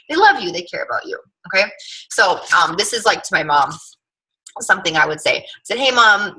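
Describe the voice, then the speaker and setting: A young woman talks new team members through their first steps in a casual, earnest coaching tone, scattering filler words as she goes. Her voice sits a little low but sounds bright and forward, with a breathy edge. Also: poor audio. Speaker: team leader training new distributors. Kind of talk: casual training talk to camera.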